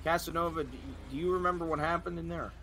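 A man's voice: on the high side, fast talker, pushed and bright, slight background noise. A man playing an exasperated police officer in a video game role-play, reading out rights and laughing at a prisoner. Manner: reads rights, breaks into laughter.

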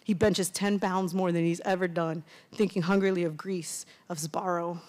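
A woman from Miami, an author reading her own fiction aloud in a steady, conversational way. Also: on the low side, normal speed. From Miami, USA.

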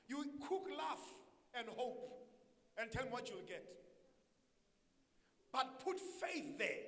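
A man's voice: very high-pitched, fairly bright tone, long reverb tail. A man preaching a sermon as pastor, emphatic, calling out questions and having the congregation answer back. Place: church hall.

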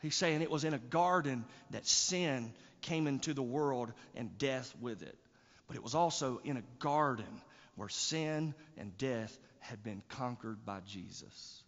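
Pastor preaching in a reverberant church. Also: male voice, medium pitch, a little slow. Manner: emphatic preaching with rising bursts and repeated words. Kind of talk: sermon. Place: church sanctuary. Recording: church hall reverb, dull lo-fi sound.

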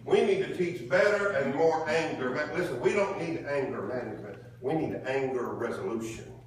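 Preacher guy, folksy and down to earth, slightly high voice, echoey church picked up from across the room. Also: expressive, moderate pace, far from the mic, a crowd in the background. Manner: folksy, colloquial preaching with call-and-response. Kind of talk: sermon. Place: church sanctuary.

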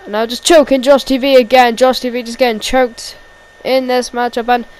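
A woman giving excited amateur play-by-play wrestling commentary, repeating each call and shouting at the big moves. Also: fairly high pitch, moderate pace, poor audio.

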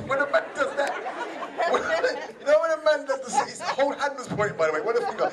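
A man doing stand-up comedy, excitable and acting out other people's gestures and threats. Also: extremely high pitch, quick pace, over a noisy crowd. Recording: amateur far-off camera in a noisy crowded theatre.

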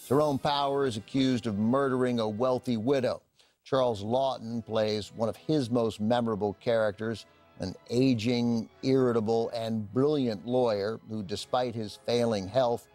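Measured male film host, dry sound. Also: mid-range voice, darkish tone, no echo. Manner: measured, informative, lists titles. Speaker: classic film channel host. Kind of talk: scripted TV film introduction.

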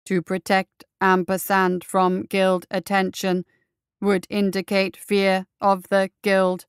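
A woman voicing a huge male war construct, speaking in a slow, grinding, metallic monotone. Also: medium pitch, clear, resonant tone, no echo, studio quality, lightly acted. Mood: cold, flat. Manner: grinds out each word slowly.

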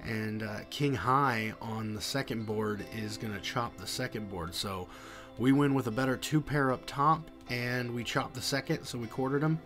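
A man giving voice-over commentary on his poker hands, halting and full of fillers. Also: mid-range voice, fairly bright tone, soft background music. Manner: halting, many fillers and restarts. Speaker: poker vlogger.

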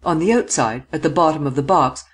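A man narrating an audiobook of a detective novel in a measured storytelling manner. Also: fairly high pitch, breathy edge. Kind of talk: scripted narration.

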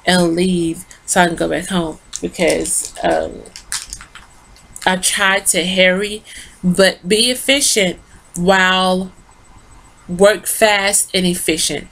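Gravelly, low-voiced woman rambling casually. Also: fairly bright tone, a little hiss or hum. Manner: rambling, talks straight to viewers as y'all. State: tired. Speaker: beauty vlogger. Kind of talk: casual rambling product review. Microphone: phone.

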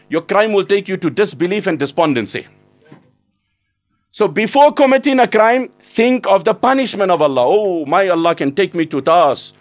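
A man giving an earnest, urgent Islamic lecture, exhorting listeners and breaking into quick Arabic recitation. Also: high voice. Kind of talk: sermon.

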